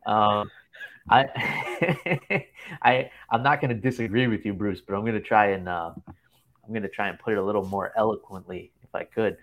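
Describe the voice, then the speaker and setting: A man's voice: fairly low pitch, steady tone, a little fast, fairly bright tone, slight background noise. A man in his thirties hosting a casual chat show from a hotel room, rambling and laughing often. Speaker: podcast host.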